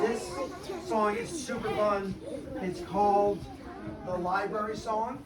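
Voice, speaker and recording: Over a noisy crowd, a man with a high, steady voice speaks at normal speed, reading a rhyming story to children and leading them in song. He coaxes them to join in with playful teasing; the recording is echoey, from a distant mic, with background noise.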